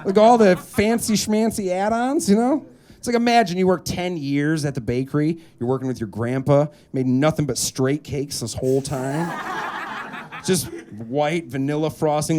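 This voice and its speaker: A young man doing a stand-up comedy set on a club stage, animated and quick to slip into put-on voices. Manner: animated, jumps into high put-on voices for characters. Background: audience laughter.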